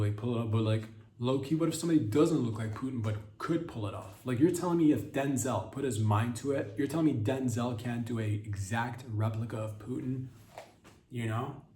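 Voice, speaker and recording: A man hosting a comedy podcast, rambling through crude, deadpan absurd stories in a casual monologue. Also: medium pitch. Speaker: podcast host. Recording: roomy sound, distant from the mic, faint background hiss.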